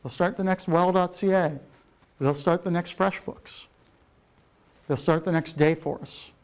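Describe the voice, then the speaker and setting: A middle-aged man gives a rambling keynote at a conference, full of fillers and the odd swear word. His voice is high-pitched and steady in tone, at a slightly slow pace.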